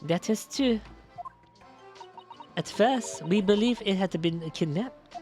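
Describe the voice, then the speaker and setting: A man voicing a middle-aged woman wax sculptor with a halting mock-French delivery. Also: high-pitched, expressive, a little mellow, faint music behind, pitched above the performer's own voice. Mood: haughty. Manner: halting attempt at a French accent.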